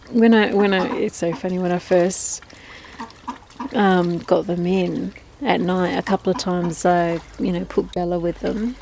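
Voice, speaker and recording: A woman's voice: lowish voice, creaky, darkish tone, slight background noise. A woman keeping ducks, talking to the camera outdoors in a rambling, chatty way and cooing at her birds in baby talk. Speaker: duck keeper. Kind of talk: casual vlog chat.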